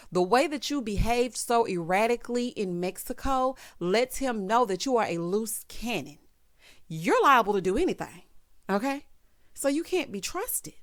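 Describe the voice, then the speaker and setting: Woman, sassy reality TV recap, lively swooping pitch, fairly high voice. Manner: sassy, gossipy commentary, reenacting quotes with voices. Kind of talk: casual reality show recap.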